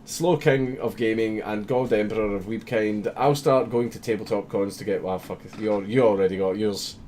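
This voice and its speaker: A man's voice: fairly low pitch, moderate pace, a little mellow, slight background noise. Guy hosting a stream, swears a ton, laughs a lot, reads out chat. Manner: swears constantly, laughs often, mock-reads comments. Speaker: livestream host. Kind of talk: casual livestream chat reading viewer messages.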